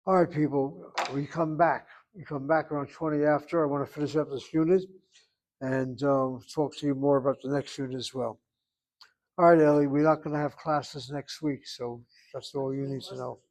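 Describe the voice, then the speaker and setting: A man's voice: fairly high pitch, low-quality recording. Exacting man teaching a Hebrew class. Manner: corrective, precise and exacting; over-articulates words slowly. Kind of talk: online language class.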